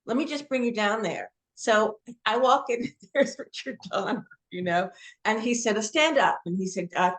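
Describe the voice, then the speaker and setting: A woman's voice: a little high, moderate pace. A woman from New Jersey, an actress guest telling anecdotes in a casual interview. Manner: warm anecdotal storytelling.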